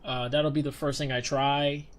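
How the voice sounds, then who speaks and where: Speaking at a moderate pace in a mid-range voice with little pitch movement, this young VTuber streamer rambles through casual chat on his livestream. He often restarts sentences and uses fillers.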